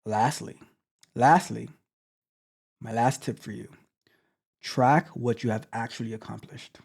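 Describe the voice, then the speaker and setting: Blunt man with a dark voice. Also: medium pitch, measured pace, vocal fry, slightly rough. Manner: blunt, repetitive, stammering restarts. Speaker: tech coach. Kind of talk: motivational talk to stream viewers.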